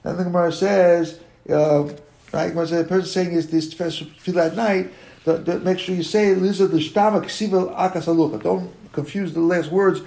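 A man leading a daily Talmud class in a high voice with a gravelly edge. He speaks haltingly and keeps circling back to rephrase. He slows right down to sound out words one by one. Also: steady tone, mellow. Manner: slowly sounds out words to show their pronunciation. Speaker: Talmud teacher.

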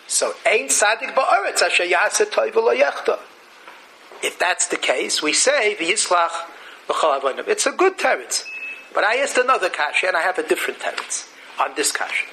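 High, bright-voiced man lecturing on Torah. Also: normal speed, slight background noise, low-quality recording. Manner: animated, posing rhetorical questions and answering them; mixes Hebrew and Yiddish terms into English.

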